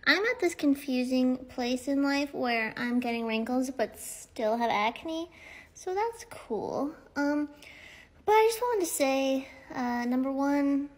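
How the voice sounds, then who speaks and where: A young woman with a very high, small-sounding voice talking candidly and casually to her phone camera, ranting and poking fun at herself. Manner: candid, ranting, self-mocking. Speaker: comedy creator.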